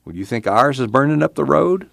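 A man's voice: medium pitch, expressive, a little fast, creaky, a bit bright, no room sound, studio quality, pitched above the performer's own voice. A man voicing a blunt, practical young man in an audiobook reading. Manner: curt, matter-of-fact.

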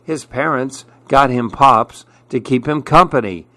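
A man reading aloud, voicing a kind young girl in a picture book who speaks gently and reassuringly. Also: medium pitch, a little slow, no room sound, lightly acted. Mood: gentle.

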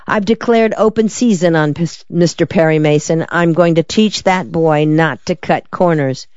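A reader doing a brisk police lieutenant. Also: mid-range voice, a little mellow, dry recording, muffled recording, close to an everyday voice. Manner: crisp, impatient. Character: sharp male police lieutenant. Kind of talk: audiobook character reading.

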